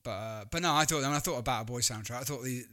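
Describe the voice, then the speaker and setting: A podcast co-host with a bright, forward voice. He chats about music playfully, getting animated and jokey as he talks. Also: mid-range voice, racing. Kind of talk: casual music chat.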